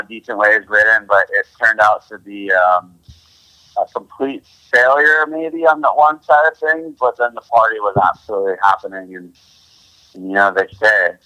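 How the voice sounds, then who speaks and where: A man's voice: lowish voice, bright, forceful tone, dry recording, low-quality recording. A man talking as a podcast guest in a loose, rambling way, full of restarts and "you know". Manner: rambling, heavy on fillers and restarts. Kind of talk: casual interview chat.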